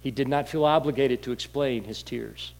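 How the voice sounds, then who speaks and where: A man preaching a sermon in a candid, conversational storytelling way, with halting restarts. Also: medium pitch, gravelly, a little mellow, poor audio. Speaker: pastor.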